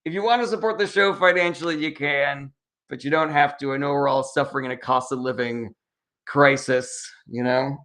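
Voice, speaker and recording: A man's voice: mid-range voice, normal speed, pushed and bright. A man hosting a political livestream, reading chat questions and answering in heated, profane rants.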